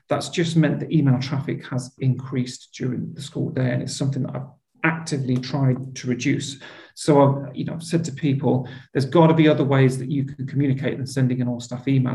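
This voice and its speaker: School leader type, man, earnest and reflective, warm low tone in an echoey room. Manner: earnest, reflective, with frequent restarts. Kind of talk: interview conversation.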